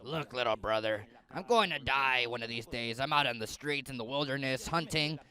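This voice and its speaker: A man's voice: mid-range voice, normal speed, pushed and bright, pitched below the performer's own voice, natural voice. A man putting on a guttural caveman brother. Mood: careless. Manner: pleading, pushy, streetwise. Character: gruff hungry grown hunter brother, brutish.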